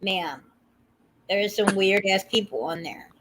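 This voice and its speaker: A woman hosting a livestream, chatting casually in an excitable, gossipy way, swearing freely and talking to her viewers. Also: mid-range voice, unhurried, background noise. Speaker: livestream host. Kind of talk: casual chat.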